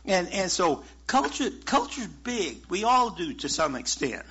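A man's voice: sits high, sing-song, unhurried, bright, forceful tone, slightly rough. A man preaching a sermon in a folksy, conversational way, chuckling now and then. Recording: muffled lo-fi sermon recording.

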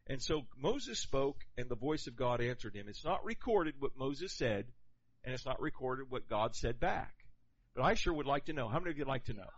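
A man preaching a sermon in an animated, conversational way, asking the congregation questions. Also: medium pitch. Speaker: pastor. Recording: dull lo-fi sound.

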